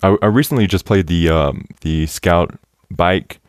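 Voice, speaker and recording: A young man with a very deep voice hosts a casual podcast chat, talking excitedly and laughing often as he trips over fillers. The sound is dry and close, with no room around it. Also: unhurried, clear, resonant tone, no room sound. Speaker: podcast host.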